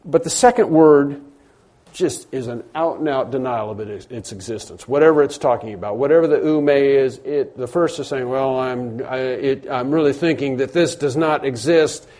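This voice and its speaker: A man preaching a sermon, stressing words loudly and then dropping low, often repeating phrases. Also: moderate pace. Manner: emphatic, repeats phrases, swings between loud stresses and quiet drops.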